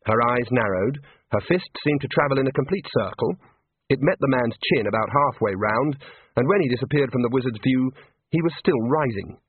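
A man's voice: medium pitch, lively intonation, fairly quick, a little hiss or hum. A man reading a comic novel aloud in a dry, wry storytelling manner. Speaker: audiobook narrator. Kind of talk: scripted narration. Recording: tinny phone-like lo-fi audio.

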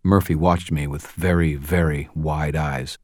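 A man's voice: extremely low pitch, steady tone, measured pace, a little mellow, no room sound, studio quality. A man reading a first-person audiobook, sardonic and wisecracking in the dialogue. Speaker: audiobook narrator.

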